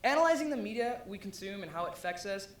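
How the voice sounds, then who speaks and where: A young man with a fairly high voice gives a relaxed live talk, and he fills it with ums and likes. The room carries a noticeable echo, with a faint rumble underneath. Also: fast. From USA (Ohio). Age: young adult. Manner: conversational, with frequent ums and likes and rising asides. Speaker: presenter. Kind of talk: casual live presentation talk. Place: event venue before an audience.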